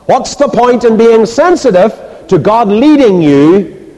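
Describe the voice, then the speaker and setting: A man's voice: sits high, a little slow. A man preaching a sermon, telling stories and asking rhetorical questions. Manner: animated storytelling, rhetorical questions, acts out quoted voices. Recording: reverberant hall.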